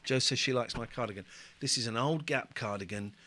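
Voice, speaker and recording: A man's voice: mid-range voice, a little fast, over a noisy crowd, heavy background noise. A man hosting a casual livestream from his sofa, joking, swearing and hyping up his viewers. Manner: excitable, jokey and sweary. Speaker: livestream host. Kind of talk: casual live commentary. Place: home living room.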